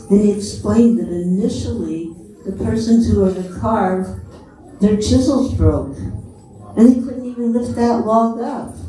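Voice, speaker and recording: A woman's voice: medium pitch, dark tone, distant mic, slight background noise. Older woman telling stories in an echoey hall. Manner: conversational storytelling, chuckles between anecdotes. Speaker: speaker at temple festival. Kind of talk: anecdotal devotional talk. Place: large temple hall.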